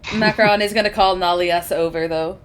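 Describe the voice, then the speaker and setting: A woman's voice: lowish voice, fairly even intonation, a little fast, a crowd in the background. A woman, a game master, chattily narrating a tabletop game.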